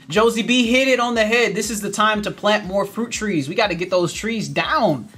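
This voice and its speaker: A man's voice: high voice, normal speed, a bit bright, husky, faint music behind. A man, hosting a casual livestream, upbeat and laughing often as he reads viewer comments. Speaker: livestream host reading chat.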